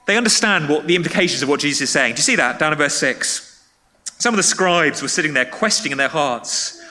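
A man preaches a sermon, his tone bright and forceful and pitched a little high. He talks conversationally and puts questions to the listeners. A long reverb hangs after his words, as in a large church hall. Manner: conversational, asks the congregation questions.

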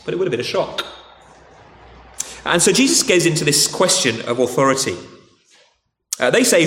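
A man's voice: on the high side, big pitch swings, brisk, pauses often, fairly bright tone. A man with a posh English accent preaching a sermon in a conversational way, often restarting and saying "okay". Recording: echoey hall.

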